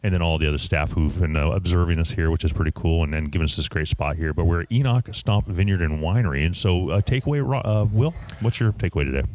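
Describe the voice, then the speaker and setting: A man's voice: low-pitched, quick pace, hardly any pauses, darkish tone. A man hosting a wine podcast from a winery, chatting in a folksy, upbeat, thankful way. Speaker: podcast host. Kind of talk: casual chat.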